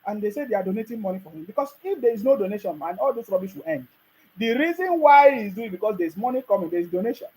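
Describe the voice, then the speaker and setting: A man's voice: sits high, sing-song, fast talker, a little mellow, low-quality recording. A man with a Nigerian accent, delivering a mocking political rant and laughing at his opponents. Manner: mocking, laughs often, scolding the listener. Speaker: political commentator. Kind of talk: ranting monologue.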